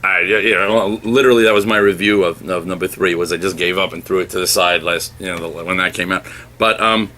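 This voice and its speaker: A man's voice: low-pitched, fairly even intonation, brisk, bright, forceful tone, a little hiss or hum. A man reviewing comic books in casual podcast chat, rambling and stammering through restarts.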